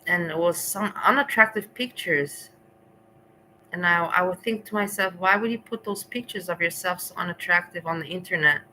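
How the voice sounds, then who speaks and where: Chatty livestreaming woman, bright voice. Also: on the low side, normal speed, slight background noise, poor audio. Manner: rambling, laughs often, talks back to chat. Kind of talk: casual livestream chat to viewers.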